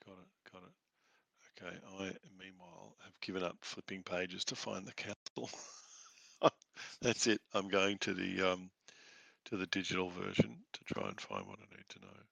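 A man narrating as game master of a tabletop game in a loose, relaxed way. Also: low voice, moderate pace, creaky, breathy edge, no room sound.

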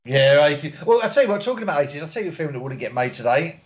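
A man's voice: a little high, very animated, racing. Blunt man on a muffled, lo-fi line. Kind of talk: casual live-show banter.

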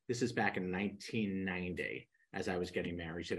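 A man's voice: deep voice, a little fast, husky, low-quality recording. An older man, a guest real estate coach, telling his story in a podcast interview and acting out the people he quotes. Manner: animated storyteller who acts out quoted speakers.

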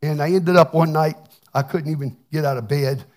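A man's voice: a little high, normal speed. A man preaching a plainspoken, folksy testimony sermon, often repeating words as he restarts. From Texas. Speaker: pastor.

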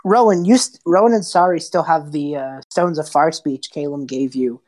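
A woman's voice: sits low, normal speed, darkish tone. A woman running a tabletop game as game master, narrating in a chatty, apologetic way.

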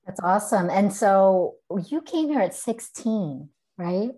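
A woman's voice: mid-range voice, lively intonation, slow pace, warm tone, husky. Woman hosting an interview. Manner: friendly, laughs along. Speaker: host. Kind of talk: interview host.

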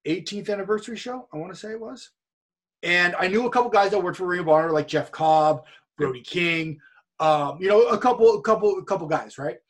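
Podcast guest: man from California, somewhat high husky voice, loose animated storyteller who acts out quotes. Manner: rambling, animated anecdote-telling with many repeats and quoted dialogue. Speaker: interview guest, wrestler and streamer. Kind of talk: casual storytelling in a podcast interview.

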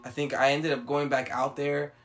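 A man's voice: medium pitch, level tone, normal speed, faint music behind. Man storyteller, casual and profane, loose and rambling. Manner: rambling, profane, with many fillers and acted-out quotes. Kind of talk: casual chat.

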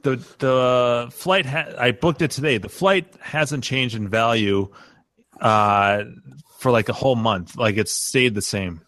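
Host, male, bright forceful tone, dry close sound, loose joking call banter. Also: medium pitch, unhurried, no echo. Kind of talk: casual chat over a video call. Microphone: video call.

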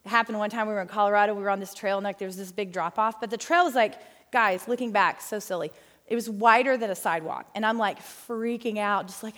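A middle-aged woman teaching a Bible study in a chatty, folksy, animated way. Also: fairly high pitch, a little fast, long reverb tail.

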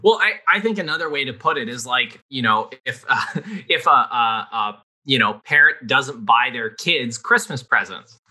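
Very bright-voiced chatty man. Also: mid-range voice, moderate pace. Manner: animated, loose explaining with many fillers. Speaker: podcast co-host. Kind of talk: casual conversation.

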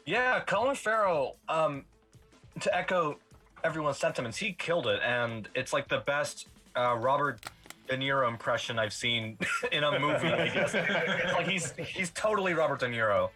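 A man's voice: fairly high pitch, expressive, moderate pace, bright, forceful tone, faint music behind. A man talking enthusiastically on a podcast panel, acting out quotes and laughing often. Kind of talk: casual film discussion.

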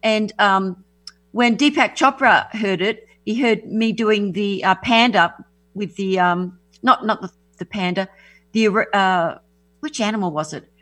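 A woman's voice: medium pitch, a little slow, fairly bright tone. A woman guest on a radio talk show, talking enthusiastically about her music and teachers, often restarting her sentences. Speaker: guest, affirmation music artist. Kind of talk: casual radio interview.

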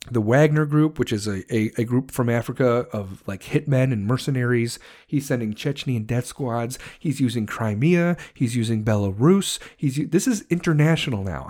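Brief: furious man ranting, swearing nonstop, dark mellow tone. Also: mid-range voice. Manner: profane, shouting insults, heated. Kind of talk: angry political rant.

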